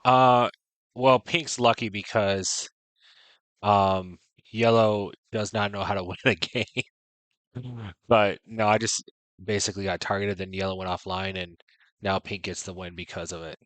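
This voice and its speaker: Low-voiced man in chatty game commentary. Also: flat delivery, unhurried, a bit bright, no room sound. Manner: chatty, frank, fillers like "right?" and "you know". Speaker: streamer playing online strategy game. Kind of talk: casual gameplay commentary.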